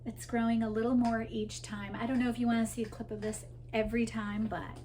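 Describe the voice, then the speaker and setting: A woman's voice: fairly high pitch, flat delivery, brisk, darkish tone, a little hiss or hum. A woman hosting a crochet podcast, chatting casually to camera about her projects, rambling with asides to viewers. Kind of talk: casual show-and-tell chat to camera.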